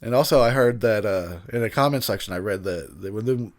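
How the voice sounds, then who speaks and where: A man's voice: lowish voice, a little fast. A tipsy man hosting a casual movie commentary, rambling and laughing often.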